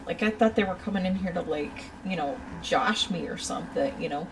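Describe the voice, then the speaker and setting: A woman who works in a shoe store, telling a casual, animated story about her customers and laughing often. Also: on the low side, brisk, gravelly, distant mic, background noise. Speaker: retail shoe store worker.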